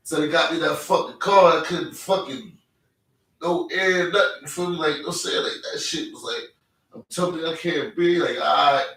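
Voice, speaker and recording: A man's voice: on the high side, normal speed, creaky, a bit bright. A man telling a personal story in casual talk, rambling in street slang and checking in with "you feel me" again and again. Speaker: podcast host. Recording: echoey room, mic at a distance.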